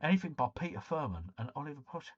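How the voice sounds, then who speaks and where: Male streamer, lively up-and-down delivery, dull lo-fi mic. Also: fairly high pitch, racing. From United Kingdom. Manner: chatty, matey, reads and answers chat comments. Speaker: live stream host. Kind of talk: casual live-stream chat.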